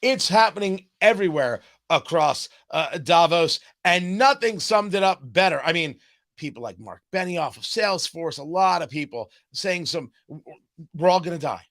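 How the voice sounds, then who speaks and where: A man's voice: sits high, normal speed. A man hosting a political talk show, delivering a sarcastic, mocking commentary monologue. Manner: sarcastic, animated, mocking asides.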